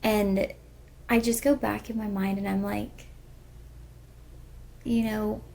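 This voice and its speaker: Brief: young woman podcast co-host, husky with gravelly fry, earnest and rambling. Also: medium pitch, level tone, takes it slowly, dark tone. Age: young adult. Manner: earnest, rambling with many fillers. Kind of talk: casual emotional chat.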